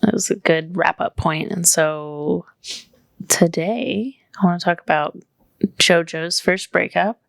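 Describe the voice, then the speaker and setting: Podcast lady, low gravelly voice, lots of "like", dry close mic. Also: slow pace, no echo. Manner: chatty, leans heavily on "like". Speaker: podcast co-host. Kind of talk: casual podcast chat. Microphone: studio microphone.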